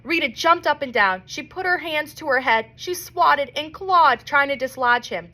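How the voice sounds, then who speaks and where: A woman reads a children's novel aloud with expressive storybook delivery. Her voice is bright and fairly high, swinging animatedly up and down as she reads. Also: moderate pace. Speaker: reader.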